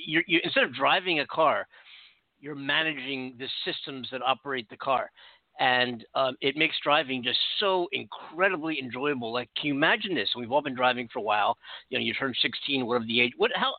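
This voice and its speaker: A man's voice: medium pitch, no room sound. A man with an ordinary mid-range voice hosts a casual talk radio show, speaking earnestly and rambling through restarts. The sound is dry and thin, as if heard over a phone line. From United States.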